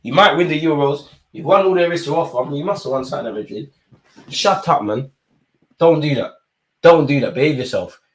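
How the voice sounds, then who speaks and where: A man hosting a live football watchalong, reacting loudly to the screen with heavy slang and swearing. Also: on the high side, fast, slightly rough. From England. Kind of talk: live match watchalong commentary.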